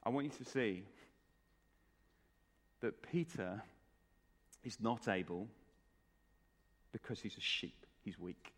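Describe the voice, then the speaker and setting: A man preaching a sermon in church, earnest, moving between hushed, quiet lines and raised, emphatic ones. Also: lowish voice, expressive, slow pace, long pauses. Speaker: pastor. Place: church hall. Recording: reverberant church hall.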